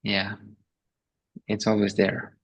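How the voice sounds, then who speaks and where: A man hosting a podcast speaks in a reflective, halting way, searching for his words and restarting phrases. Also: fairly low pitch, monotone, poor audio. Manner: hesitant, many fillers and restarts, reflective. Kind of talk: conversational podcast talk.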